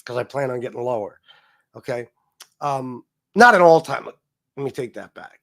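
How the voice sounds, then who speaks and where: A man in his forties hosting a livestream, ranting in a heated, profane way that swings between loud jabs and low mutters. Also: moderate pace. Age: 40s. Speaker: livestream host.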